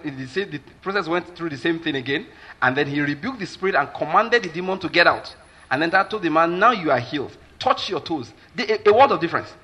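A man's voice: on the high side, sharp tone. A man with a Nigerian accent preaching a sermon as a pastor, emphatic and repeatedly checking that listeners follow his point, with Pidgin asides.

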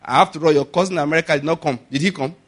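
A Nigerian-accented male preacher delivers a sermon in a slightly raised voice. He is animated, laughs often and keeps checking in with his congregation through rhetorical questions. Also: on the high side, very fast, slightly rough.

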